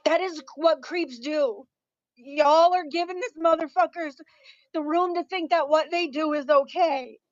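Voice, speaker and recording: A high-voiced woman in tears rants on a livestream, furious and swearing, circling back to the same points again and again. Her voice is dry and close, with no room sound. The stream audio is dull and lo-fi. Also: a little slow, dry recording. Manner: furious, profane, repeating herself. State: crying. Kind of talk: angry livestream rant.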